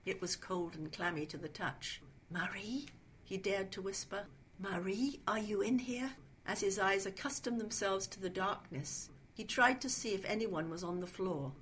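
A woman reads a suspense story in a hushed, steady way. Her voice sits in the middle range. A faint hiss runs underneath. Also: mid-range voice, moderate pace, few pauses. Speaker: story reader. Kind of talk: dramatic story reading.

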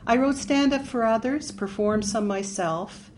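A woman's voice: on the high side, measured pace, a little hiss or hum. A woman, an author reading her own story with humour. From Canada. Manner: humorous, animated.

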